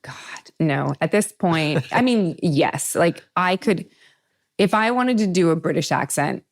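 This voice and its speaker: An animated woman from the Pacific Northwest, hosting a casual podcast chat and swearing freely. Her voice sits low for a woman but swings widely in pitch. The recording is close and dry. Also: unhurried, no echo. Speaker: podcast host.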